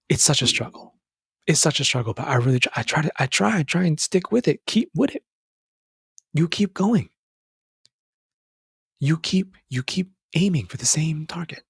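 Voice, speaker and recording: A young man hosting a podcast, giving a casual, earnest motivational talk that addresses the listener as brother and jumps up in pitch when he stresses a point. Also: vocal fry, husky, no echo, studio quality. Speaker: podcast host. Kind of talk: motivational monologue.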